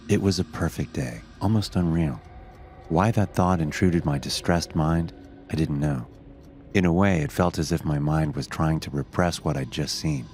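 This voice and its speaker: A man giving scripted horror story narration in a steady, measured way. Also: very deep voice, slight background noise.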